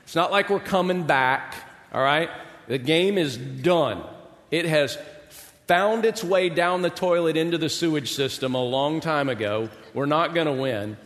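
A middle-aged male pastor preaches with a slightly high voice and a wry, self-mocking humor, stretching his story into comic exaggeration. His voice rings out with a long reverb, as in a church sanctuary. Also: unhurried, a bit bright. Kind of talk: storytelling sermon.

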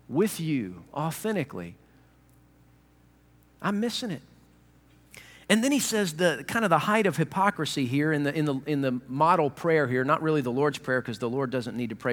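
A male pastor preaching a sermon in a humorous, animated way, acting out little voices. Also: on the high side, normal speed, big-room sound.

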